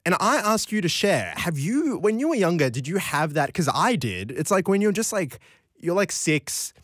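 A man's voice: high-pitched, sing-song, normal speed, fairly bright tone, dry recording, studio quality. A young Australian man hosting a late-night radio show, chatting loosely and laughing as he wanders off on tangents between listener texts. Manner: rambling, giggly, goes off on tangents. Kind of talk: casual radio chat reading listener texts. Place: radio studio. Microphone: studio microphone.

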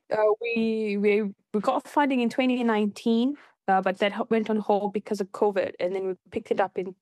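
In a clean, echo-free studio recording, a Fijian documentary filmmaker in middle age shares her life story during an interview. She animatedly acts out the dialogue of others, using large pitch swings.

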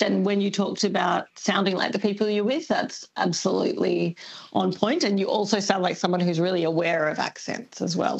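A woman's voice: on the low side, gravelly, breathy edge, muffled recording. A woman linguistics expert being interviewed on radio, explaining in an articulate way. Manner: articulate, explanatory, with light laughs.

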